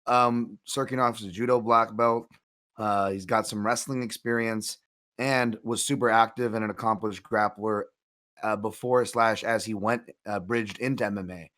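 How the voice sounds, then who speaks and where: A man's voice: on the low side, steady tone, moderate pace, a bit bright. Rambling man breaking down fights. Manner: rambling, many restarts and asides. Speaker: co-host, MMA analyst. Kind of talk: casual betting analysis chat.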